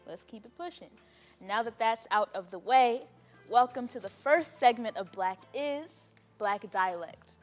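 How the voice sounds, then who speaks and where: A woman's voice: fairly high pitch, a little slow, in a large hall, soft background music. A woman hosting an online poetry event in a chatty, casual way, with laughing asides and fillers. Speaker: host. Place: home, on a video call.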